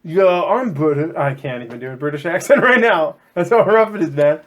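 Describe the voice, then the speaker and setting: A man chatting casually on a podcast about scripture, his fairly high voice swooping up and down as he jokes. He keeps slipping into quick silly voices to act out what people say. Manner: animated, jokey, acts out quotes in silly voices. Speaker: podcast co-host.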